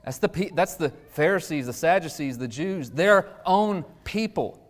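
A man, likely in his thirties, preaching a conversational sermon in a casual, animated way with sudden jumps in pitch. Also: normal speed. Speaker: pastor.

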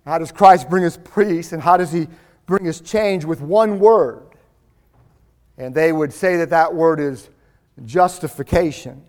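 A man's voice: a little high, measured pace, darkish tone. A male pastor preaching a sermon in a church, building his emphasis as he reads scripture aloud.

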